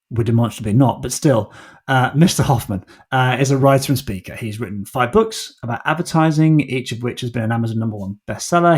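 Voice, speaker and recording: A man's voice: mid-range voice, a little mellow, breathy edge. A man hosting a solo podcast, talking casually with wry, self-deprecating asides. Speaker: podcast host.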